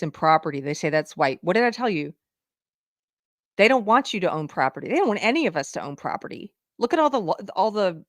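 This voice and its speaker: A woman's voice: fairly low pitch, no echo, clean studio sound. Indignant Southern woman hosting a show. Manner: indignant, emphatic, reads items from a list. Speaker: livestream show host. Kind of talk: live political commentary.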